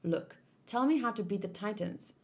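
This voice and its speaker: Woman reads a fiery young soldier, indignant and forceful, in a manga read-along. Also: medium pitch, expressive, moderate pace, close to an everyday voice. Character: angry idealistic young male soldier.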